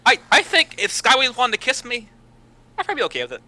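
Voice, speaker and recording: A man's voice: very high voice, sing-song, fast, sharp tone. A man co-hosting a casual podcast, joking and stumbling over repeated words. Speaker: podcast co-host.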